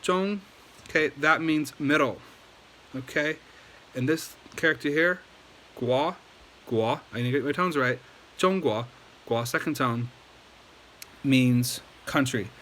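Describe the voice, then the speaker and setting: A man's voice: medium pitch, steady tone, measured pace, long pauses, bright, forceful tone, poor audio. A man giving a casual language lesson at home at night, patiently explaining and checking in with okay after each point. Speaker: Chinese language teacher.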